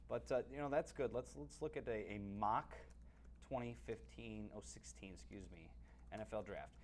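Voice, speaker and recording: A man's voice: fairly low pitch, normal speed, a little hiss or hum. A man co-hosting a sports webcast, giving blunt opinions on football in casual talk that is full of restarts. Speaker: sports analyst co-host.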